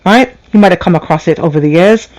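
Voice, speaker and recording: A woman's voice: on the low side, fast talker, a little mellow, poor audio. A woman hosting a late-night call-in radio show, telling a story with candid, profane humor and frequent laughter.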